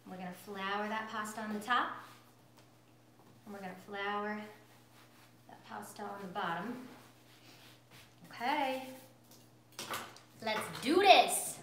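A woman's voice: mid-range voice, slow pace, long pauses, fairly bright tone, roomy sound, a little hiss or hum. A woman teaching a live cooking class from her kitchen, bubbly and chatty, talking straight to her viewers. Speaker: cooking instructor. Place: home kitchen.

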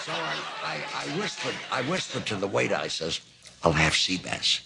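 A man in his nineties, a talk show guest telling anecdotes in a dry, deadpan way on an old TV broadcast tape. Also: on the low side, moderate pace, very noisy. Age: 90s. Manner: dry, deadpan storyteller with gravelly voice. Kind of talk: anecdotal storytelling.

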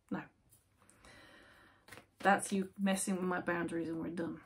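A woman giving a casual, chatty tarot reading, with many fillers and soft, near-whispered asides. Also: on the low side, little pitch movement, unhurried, pauses often, husky. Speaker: tarot reader.

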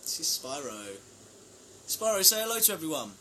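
A man's voice: fairly high pitch, very animated, normal speed, bright, forceful tone, a little hiss or hum. A young man chatting casually on a live stream, reading out fan names and thanking them for gifts. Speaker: band member live-streaming to fans.

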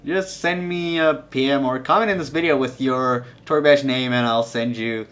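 A man's voice: medium pitch, steady tone, moderate pace, a bit bright. A young man hosting a gaming channel, chatting loosely over his gameplay in a playful, rambling way that often restarts and repeats words. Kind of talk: casual gameplay commentary.

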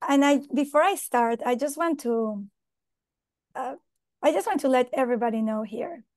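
A woman's voice: high voice, normal speed, darkish tone, no echo, studio quality. A woman presenting on a video call, emotional and apologetic, flustered by screen sharing. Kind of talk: online conference talk.

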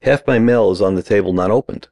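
A middle-aged man with a low, gravelly voice tells a story in short, punchy sentences. He slips into the other people's voices as he acts out their lines. The sound is dry and close. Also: fast, mellow, no room sound. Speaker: acting teacher, podcast guest. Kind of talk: animated storytelling.

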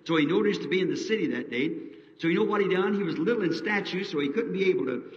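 A man's voice: high voice, lively intonation, fast talker. A man preaching a revival sermon, telling stories in plain country grammar and swelling into fervent cries. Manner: fervent folksy storytelling, voice surging to cries. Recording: dull old sermon tape, distant mic in a reverberant hall.

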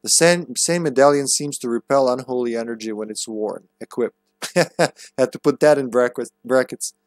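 A man's voice: medium pitch, moderate pace, dry recording, soft background music. Male game streamer, casual thinking-aloud commentary with light laughs; dry, close recording. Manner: musing, chuckling, reads game notes aloud.

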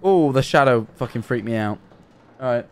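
A man's voice: medium pitch, animated, moderate pace, clear, resonant tone. A young man streaming a horror game, nervous and jumpy, swearing and talking to himself as he plays. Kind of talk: live gameplay commentary.

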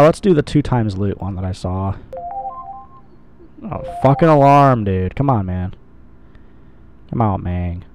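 A man's voice: lowish voice, a little mellow, a little hiss or hum. A man giving casual, rambling gameplay commentary, swearing and joking at himself as he plays. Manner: rambling, sweary, self-mocking. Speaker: gamer, channel host.

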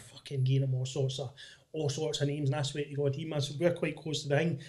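A young Scottish man hosting a podcast, chatting casually and telling lively stories. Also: fairly high pitch, slight background noise. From Scotland. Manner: animated storytelling, mimics others' voices. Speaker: podcast host. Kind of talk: casual chat.

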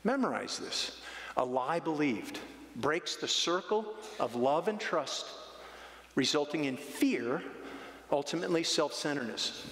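A man's voice: a little high, animated, measured pace, fairly bright tone, slight background noise. Emphatic male pastor in echoey church. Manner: emphatic, conversational, acts out voices. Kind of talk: sermon. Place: church sanctuary.

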